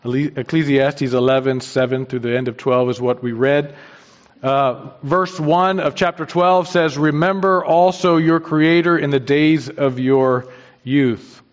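A man's voice: on the high side, fairly even intonation, a little slow. A man preaching a sermon, earnest and emphatic, repeating his key phrases for weight. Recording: dull sound with long hall reverb.

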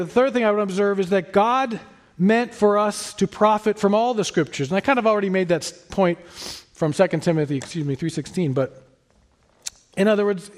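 A man preaching a sermon in an earnest, emphatic way, rising to stress his points and then dropping soft. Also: high-pitched. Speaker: pastor.

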